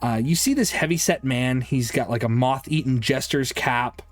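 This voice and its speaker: A man's voice: mid-range voice, normal speed, no echo, faint music behind. A man narrating a tabletop game as game master, loose and rambling with many fillers.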